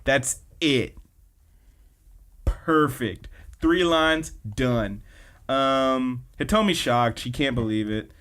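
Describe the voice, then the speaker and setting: Man, podcast co-host, casual rambling recap, mid-pitched voice. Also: animated, drawn-out words, pauses often, fairly bright tone, clear, resonant tone. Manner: rambling, filler-heavy retelling. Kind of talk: casual anime recap chat.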